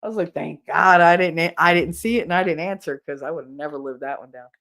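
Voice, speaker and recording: A woman in her forties hosting a casual livestream, telling a family story and acting out everyone's lines with big jumps in her voice. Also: fast talker. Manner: animated, acts out quotes with big pitch jumps. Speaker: livestream host.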